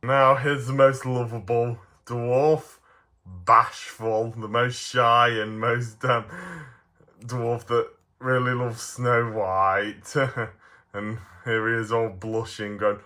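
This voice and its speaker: A man's voice: mid-range voice, flat delivery, takes it slowly, sharp tone. A man reviewing toy figures in a casual, playful way, giggling often.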